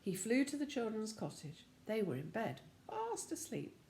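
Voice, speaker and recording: An older woman reading a children's storybook aloud as a lively storyteller who talks to the listener. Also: a little high, moderate pace, reverberant, slight background noise.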